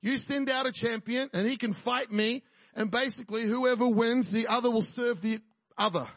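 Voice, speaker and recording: Giant warrior figure, taunting, voiced by a male preacher in a high voice. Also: normal speed, fairly bright tone, no echo, heavily acted. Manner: taunting, challenging.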